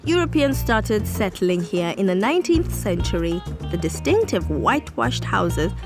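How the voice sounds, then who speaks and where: A woman reading a measured, scripted documentary voice-over. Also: mid-range voice, sing-song, music in the background. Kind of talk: scripted narration.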